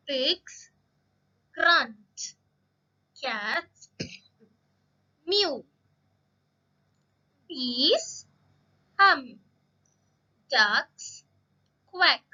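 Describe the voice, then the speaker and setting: A woman teacher giving a slow lesson to young children, drawing out words and asking them questions. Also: high voice, bright, forceful tone, dull audio. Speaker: primary school English teacher.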